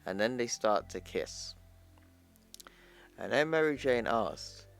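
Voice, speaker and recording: Taking it slowly, a man with a medium-pitched, creaky but clear and resonant voice and lively intonation retells a comic book plot. As a casual explainer-channel host, he chats with viewers he calls "people", relaying dialogue plainly against faint music.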